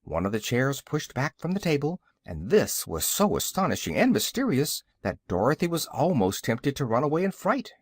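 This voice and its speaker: Expressive male audiobook narrator. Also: medium pitch, moderate pace, few pauses, slightly rough, no room sound. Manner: expressive, animated reading. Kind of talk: storybook narration.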